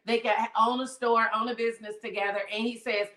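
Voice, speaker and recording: Woman host, bright and a little high, animated storyteller teaching a book lesson to a live audience, echoey room sound. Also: brisk, hardly any pauses. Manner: animated storytelling, asks viewers questions. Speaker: online book study host. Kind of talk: live-streamed book lesson, retelling and reading aloud.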